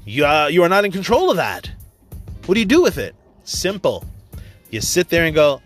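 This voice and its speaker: A motivational speaker from the New York area gives a casual, blunt, profane talk, telling a personal story and acting out quotes as he goes. His voice is on the high side with huge pitch swings at normal speed, and faint music plays behind him.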